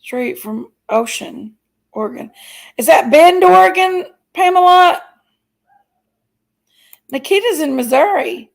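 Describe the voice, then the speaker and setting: A woman's voice: high-pitched, expressive, creaky, rough recording. A middle-aged woman, chatting casually as a livestream host and reading out viewers' comments. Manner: chatty, playful, drawn-out exclamations.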